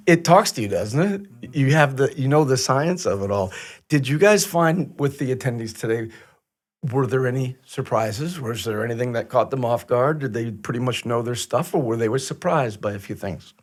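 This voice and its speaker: A man's voice: mid-range voice, expressive, brisk. A man hosting a casual podcast, talking in a chatty storytelling way and acting out quoted back-and-forth. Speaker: podcast host.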